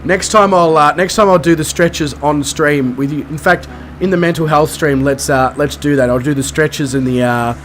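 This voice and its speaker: A man's voice: a little high, normal speed, few pauses, a bit bright, a little hiss or hum. Rambling Australian man chatting to viewers. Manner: rambling, self-mocking, laughs often. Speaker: flight sim streamer. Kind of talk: casual chat with live viewers.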